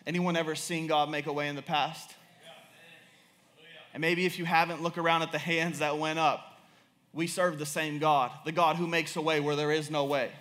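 A young man preaching a sermon in an animated, repetitive style, laughing as he tells stories about his daughter. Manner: animated, repetitive, quick to laugh and rise in pitch.

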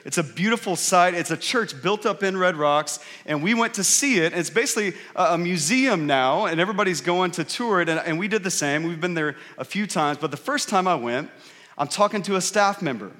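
A man's voice: high-pitched, lively intonation, fairly quick, a bit bright. A middle-aged man, a pastor, preaching a sermon in a church in a conversational storytelling way and often asking the congregation questions. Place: church sanctuary. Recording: reverberant hall.

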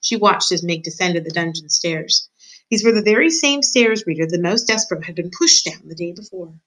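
Expressive woman teacher reading aloud. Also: fairly low pitch, brisk, poor audio. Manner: expressive, addresses the reader. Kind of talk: read-aloud storytelling.

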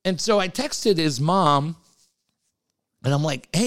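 A middle-aged man co-hosting a podcast, telling stories in casual chat, animated and profane, often laughing as he talks. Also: fairly high pitch, takes it slowly, long pauses. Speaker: podcast co-host.

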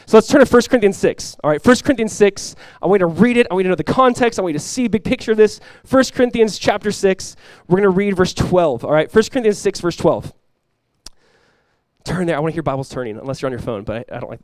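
A man's voice: sits high, no echo. A man preaching a sermon as pastor, talking casually with the congregation and rising into emphatic bursts.

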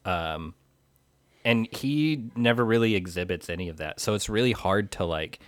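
Deep-voiced man, dry close sound. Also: lively intonation, dry recording. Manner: measured, hesitant with "uh" and "um" fillers. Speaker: podcast co-host. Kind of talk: casual movie discussion.

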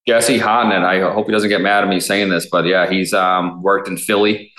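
A man with a very low voice talks casually as a guest from a garage gym, halting, blunt and full of fillers. The room around him is echoey and hard, so his voice rings off the walls. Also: fairly even intonation, a bit bright. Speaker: guest, police K9 officer. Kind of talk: casual interview conversation.

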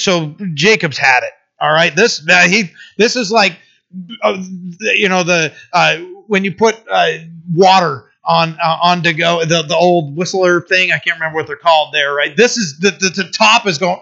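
A man giving a conversational Bible teaching in an animated way, often asking "right?" and reading the verses slowly. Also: fairly high pitch, vocal fry. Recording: dull lo-fi recording.

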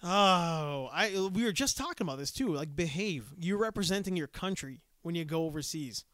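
A man's voice: a little high, expressive, moderate pace, fairly bright tone, dry recording, studio quality. A man from Canada, co-hosting a casual chat, joking and acting out people in raised voices. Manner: joking, acts out characters in raised voices, laughs often. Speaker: podcast co-host.

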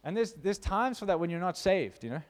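This high-voiced pastor's sermon swings from hushed and intimate to loud and fervent, with big pitch swings at a fairly quick pace. He addresses his congregation in a big church hall, his voice ringing out with a long reverb tail.

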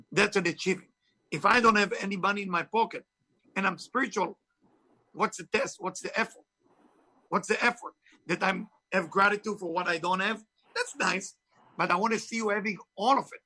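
His voice is high, pushed and bright. He is an author and spiritual teacher with a heavy foreign accent, giving an interview in an emphatic, preachy manner marked by non-native phrasing.

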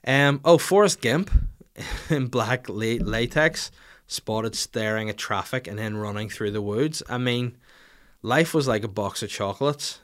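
A man in his thirties hosts a podcast and chats casually. His talk rambles, with crude jokes along the way. His voice sits at an ordinary middle pitch. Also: a little slow, fairly bright tone. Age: 30s. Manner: crude, rambling comic banter. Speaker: podcast host. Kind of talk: casual chat.

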